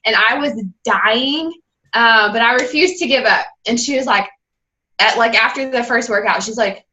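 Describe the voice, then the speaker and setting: Candid young woman, bright lively voice. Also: a little high, normal speed, highs cut off. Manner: candid, rambling storyteller who acts out the people she quotes. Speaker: guest speaker and fitness coach. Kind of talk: personal story on a team call.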